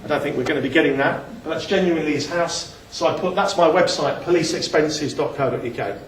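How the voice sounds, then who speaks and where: A man with a fairly high voice moves quickly through a casual slide talk, chattering, downplaying himself, and often beginning sentences again. The mic sits at a distance in an echoey room, picking up slight background noise.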